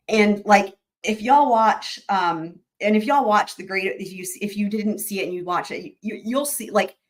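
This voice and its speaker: A woman hosting a live-stream recap, chatting excitedly and rambling with lots of restarts. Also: medium pitch, normal speed. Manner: addresses viewers directly as y'all. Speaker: YouTube trial-recap host. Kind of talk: live-stream chat with viewers.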